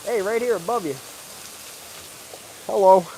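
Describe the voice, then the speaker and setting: Chatty guy on a phone livestream outside, talks to the animals, kinda high voice. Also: a little slow, noisy background. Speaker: livestream vlogger. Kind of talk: casual livestream chat. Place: outdoors at an animal park.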